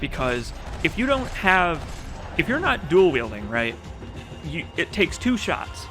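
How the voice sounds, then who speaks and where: A man's voice: fairly high pitch, big pitch swings, a little slow. Profane joking speedrun commentator man. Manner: joking, profane and rambling, reads chat aloud. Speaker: speedrunner commenting on his own run. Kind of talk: casual game commentary. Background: game music.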